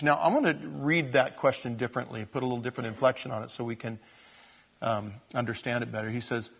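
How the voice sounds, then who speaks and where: A man, a pastor, preaching an expository sermon, swinging from loud emphasis to quiet asides. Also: mid-range voice, fairly even intonation, a little fast, creaky, slightly rough.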